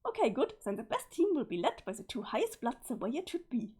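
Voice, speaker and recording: A smug, scheming young female troll, voiced by a woman. She teases and mocks sarcastically in a slightly raised, husky voice. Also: high voice, big pitch swings, fast talker, warm tone, exaggerated voice.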